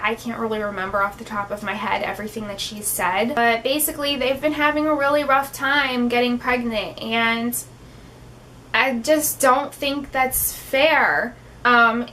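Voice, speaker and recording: A woman's voice: a little high, fairly bright tone, a little hiss or hum. A young woman vlogging in an emotional, heartfelt way, tearful at times, with many fillers like "um" and "like". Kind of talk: emotional personal vlog talk.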